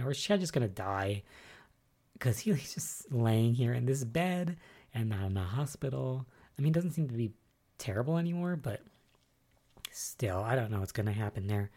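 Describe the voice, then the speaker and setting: Rambling, mellow-voiced soap recap host. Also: medium pitch, normal speed, slightly rough. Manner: rambling, musing aloud, many fillers; excitable and spoiler-wary. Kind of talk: casual solo recap chat.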